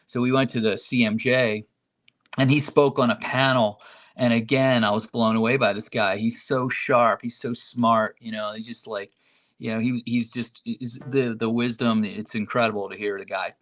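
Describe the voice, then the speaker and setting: A man's voice: medium pitch, steady tone, moderate pace, a bit bright. A man, a rock singer guest, chatting casually and admiringly over a remote call, often adding "man". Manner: admiring, peppers speech with "man". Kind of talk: casual podcast chat.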